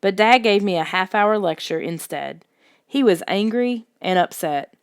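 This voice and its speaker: A woman narrating a children's story in the first person with expressive storytelling. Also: mid-range voice, measured pace, smooth, no room sound, studio quality. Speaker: audiobook narrator.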